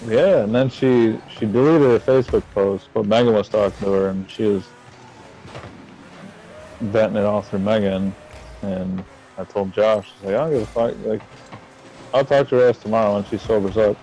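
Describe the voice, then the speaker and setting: Profane storytelling man, mellow voice. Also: fairly low pitch, normal speed, slight background noise, rough recording. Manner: animated, profane, acts out quotes in raised voices. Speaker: storyteller recounting a bar argument.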